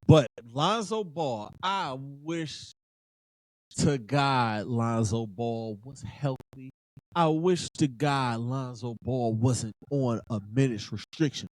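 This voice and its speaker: A man's voice: mid-range voice, takes it slowly, no room sound. A man in his thirties hosting a sports podcast in casual talk, fired up and emphatic, repeating phrases for effect.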